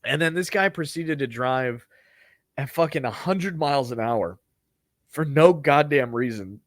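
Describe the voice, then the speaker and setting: A man's voice: mid-range voice, lively intonation, unhurried, no room sound, studio quality. Rambling, foul-mouthed male storyteller. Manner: rambling, profane, offhand. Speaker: podcast host. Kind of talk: comedic storytelling.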